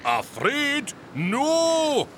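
A blustering, taunting male giant from a children's storybook, booming his challenges, as a woman reading aloud puts him on. The voice swings widely up and down, with a bright, forceful edge, and a faint hiss sits behind it. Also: big pitch swings, slow, exaggerated voice. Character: boastful huge male Scottish giant.

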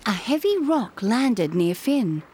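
Slow, expressive woman reading a storybook. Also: fairly high pitch, very noisy. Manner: slow and clearly paced, expressive. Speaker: narrator. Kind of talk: children's storybook read-along.

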